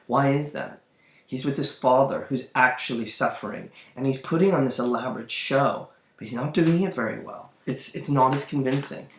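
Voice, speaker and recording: A man lectures on a play in a medium-pitched, fairly bright voice, with a little hiss or hum on the recording. He works through his ideas aloud, groping for words and restarting his sentences, and the room adds a roomy echo.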